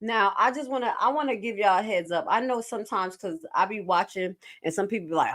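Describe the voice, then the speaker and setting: Lively woman livestream host. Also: mid-range voice, quick pace, few pauses. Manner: animated, emphatic, jokey asides. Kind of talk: casual commentary livestream.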